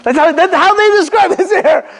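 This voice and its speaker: This is a casual religious lecture for a youth group, delivered by a male Islamic teacher whose voice is very high and whose pace is moderate. Animated stories, acted-out quotes, and plenty of fillers and restarts mark his delivery, heard through long hall reverb.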